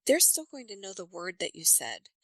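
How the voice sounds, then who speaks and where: A woman accent coach, speaking as a podcast guest and explaining things with lively examples. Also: medium pitch, normal speed, no echo, low-quality recording. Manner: animated storyteller, explains with examples. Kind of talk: podcast interview.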